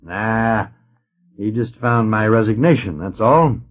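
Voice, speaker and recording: A man's voice: fairly low pitch, slow. A man voicing a weary old male actor who talks in a wry, theatrical way, heard on a dull old recording.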